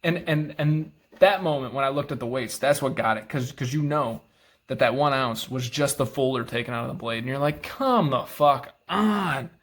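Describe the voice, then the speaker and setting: A frustrated man delivers a profanity-laced rant straight to camera. He rambles, trips over his words, and circles back. Now and then he softens into apologetic asides. His voice sits at an ordinary middle pitch. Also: a little fast. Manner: self-deprecating, apologetic asides. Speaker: knife collector vlogger. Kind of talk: casual ranting monologue.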